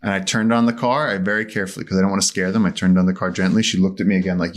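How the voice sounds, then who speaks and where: A man as a podcast guest, telling animated stories and acting out the voices in them. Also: lowish voice, racing. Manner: vivid, acts out voices in his stories. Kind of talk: animated storytelling in conversation. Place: studio.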